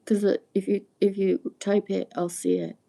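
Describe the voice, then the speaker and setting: A woman in her sixties with a gravelly, mellow voice chats loosely to her livestream viewers. She drifts from tangent to tangent and laughs often as she goes. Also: medium pitch, level tone, normal speed. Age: 60s. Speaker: livestream host. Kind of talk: rambling livestream chat.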